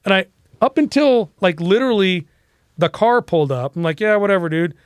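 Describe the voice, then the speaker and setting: An animated middle-aged man from the United States tells stories as a guest, swearing casually and slipping into the voices of the people he quotes. His voice sits fairly high for a man. The sound is close and dry, with no room echo. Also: normal speed. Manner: animated, profane, acts out quotes. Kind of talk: casual storytelling interview.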